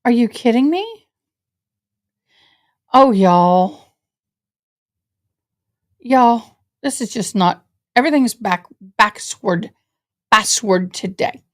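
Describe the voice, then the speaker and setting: A woman's voice: fairly high pitch, expressive, takes it slowly, long pauses. A woman from Tennessee, chatting casually to her livestream viewers from her home office, a little tired. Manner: chatty, addresses chat as y'all. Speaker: livestream host.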